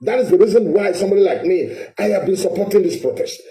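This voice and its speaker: A Nigerian man with a high, dark voice rants about politics straight to camera, repeating himself and restarting words. He records in an echoey room. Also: animated, quick pace. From Edo State, Nigeria. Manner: impassioned, repetitive, stammering restarts. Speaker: vlogger.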